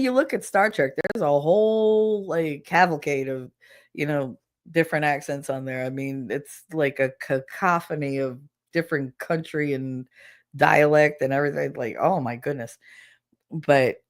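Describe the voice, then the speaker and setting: A woman hosting a podcast in casual solo chat, animated, laughing often and swearing freely. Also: sits low. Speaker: podcast host.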